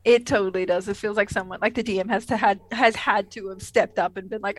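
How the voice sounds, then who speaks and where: A woman's voice: medium pitch, steady tone, quick pace, hardly any pauses, dry recording. A woman co-hosting a podcast in casual chat, sarcastic, swearing freely and laughing often. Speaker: podcast co-host.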